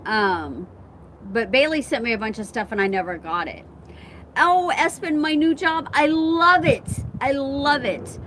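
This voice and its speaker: A woman's voice: sits high, animated, measured pace, a bit bright, a little hiss or hum. A woman hosting a casual live stream outdoors on her phone, chatting with viewers and laughing often. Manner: chatty, laughs often, reads and answers comments. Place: outdoors at home, wind and chimes around.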